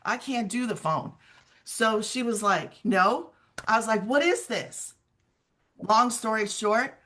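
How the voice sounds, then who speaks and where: A middle-aged woman shares her personal testimony as a guest. She talks in an earnest, conversational way and often quotes what she said at the time. Her voice sits at an ordinary pitch. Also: fairly bright tone. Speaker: guest sharing her story.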